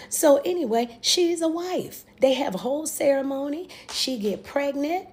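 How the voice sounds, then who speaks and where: A young American woman recapping a TV series in a casual, animated way, with exclamations and blunt asides. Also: high voice, normal speed, hardly any pauses. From United States. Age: young adult. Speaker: reaction video host.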